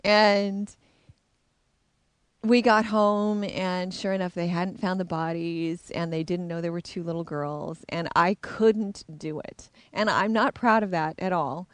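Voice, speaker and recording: A woman's voice: on the low side, fairly even intonation, unhurried, clean tone, dry recording. Middle-aged woman, frank and reflective storyteller, dry close recording. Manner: candid, reflective. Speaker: intuitive, psychic. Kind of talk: personal storytelling.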